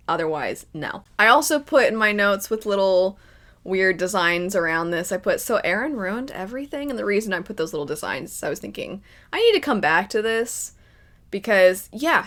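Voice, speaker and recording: Animated, bright-voiced woman reacting. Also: mid-range voice. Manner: animated, laughs often, mimics characters in mock voices. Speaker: first-time viewer reacting to an anime. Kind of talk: casual reaction commentary.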